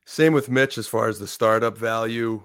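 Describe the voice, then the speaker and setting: A man's voice: lowish voice, normal speed, fairly bright tone, clean tone, no room sound, studio quality. A man co-hosting a casual podcast, talking loosely with plenty of fillers. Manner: loose, chatty, lots of "you know". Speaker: podcast co-host.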